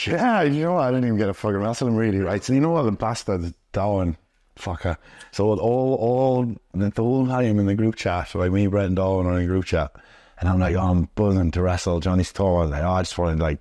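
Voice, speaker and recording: A man's voice: sits low, fast, dark tone, no echo, clean studio sound. A young man from the UK, a pro wrestler telling stories in a rambling, sweary, filler-heavy way in a sit-down interview. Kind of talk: casual storytelling.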